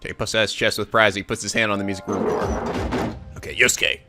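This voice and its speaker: A man hosting a let's play, reading the game's text aloud with animated, laughing asides. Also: on the low side, fast talker, over music.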